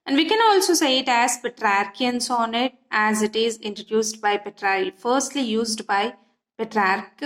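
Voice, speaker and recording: A woman's voice: fairly high pitch, a bit bright. A woman teaching literature in an online lesson, patient and repetitive, often checking that students follow. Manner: slow, patient, repeats key points and checks understanding.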